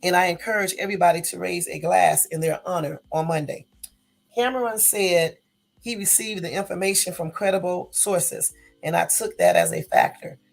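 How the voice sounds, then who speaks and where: Woman, gravelly, on the low side, casual news commentary that stops to fix slips. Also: big pitch swings, moderate pace, soft background music. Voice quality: gravelly morning voice. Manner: reads aloud with self-corrections and asides.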